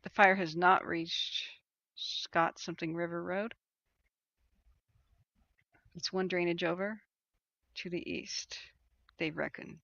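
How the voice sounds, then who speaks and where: Creaky-voiced woman livestreaming wildfire maps. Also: on the low side, steady tone, slow pace, long pauses, a bit bright, dry recording. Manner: thinking aloud, hesitant, many ums and restarts. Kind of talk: casual live-stream commentary. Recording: dull lo-fi stream audio.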